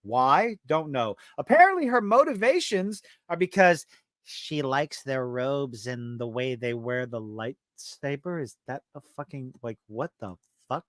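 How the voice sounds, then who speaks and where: A man's voice: mid-range voice, animated, measured pace, a bit bright, no echo, clean studio sound. A man hosting a live-stream podcast, ranting about a show with heavy swearing and exasperation. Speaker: podcast host.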